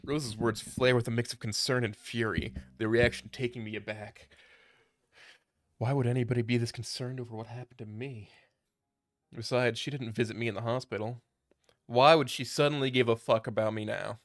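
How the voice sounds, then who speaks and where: A man's voice: mid-range voice, fairly even intonation, normal speed. A man casually reading a fan story aloud, with small stumbles and restarts as he goes. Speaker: story narrator.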